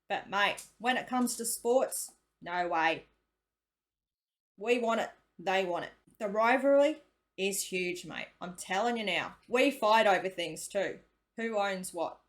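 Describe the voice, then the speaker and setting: Picture a friendly Australian woman chatting through her reaction to a clip. She speaks at a middling pitch for a woman and talks casually, dropping in local slang as she goes. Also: a bit bright. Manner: chatty, uses slang like mate and reckon. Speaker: reaction video host.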